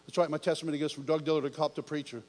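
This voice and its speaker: High-voiced man preaching in a reverberant hall. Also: racing. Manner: animated and joking, acts out voices. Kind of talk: sermon. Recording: long reverb of a large hall.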